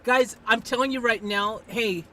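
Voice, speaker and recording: A woman live streamer talking to her viewers and an AI assistant in an excitable, exasperated way, swinging between shouting and muttering. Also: on the high side, normal speed. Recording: distant mic, faint background noise.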